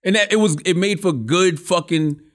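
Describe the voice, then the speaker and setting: A man's voice: sits high, normal speed. Blunt, profane Southern-raised man. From American South. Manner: blunt and profane, with easy laughs. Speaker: podcast co-host. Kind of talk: casual chat.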